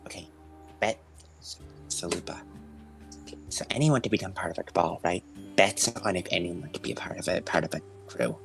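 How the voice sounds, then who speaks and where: A man's voice: low voice, brisk, creaky, long pauses, a bit bright, soft background music, low-quality recording. A man chatting casually as a tabletop game player, posing questions with stammering restarts.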